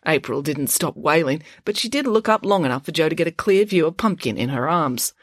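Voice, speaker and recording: A woman author narrating her children's adventure book aloud with an expressive storytelling manner. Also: deep voice, fairly quick, no echo, studio quality. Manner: lively, expressive reading. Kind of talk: storybook narration with character voices.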